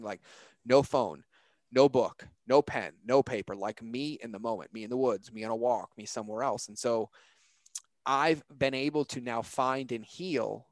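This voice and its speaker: A man's voice: medium pitch, dry recording. Guy on a podcast, earnest and chatty, medium voice, keeps saying like and right, dry close mic. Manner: earnest, conversational, many "like" and "right?" fillers. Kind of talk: reflective podcast talk.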